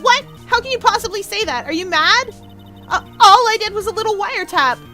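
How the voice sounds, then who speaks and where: A woman voicing a snippy, bratty young female witness with a shrill, whiny voice. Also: animated, fairly quick, sharp tone, soft background music, exaggerated voice. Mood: indignant.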